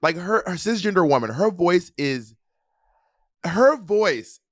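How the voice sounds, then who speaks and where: A man co-hosting a casual chat, animated, profane and giggly. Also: high voice, slow, no echo, clean studio sound. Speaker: co-host. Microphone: desk mic at a computer, streaming live.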